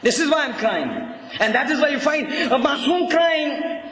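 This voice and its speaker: A man preaching a religious lecture in an emphatic way, often rising to a shout and asking his listeners questions, recorded in an echoey hall. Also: very high voice, lively intonation, normal speed.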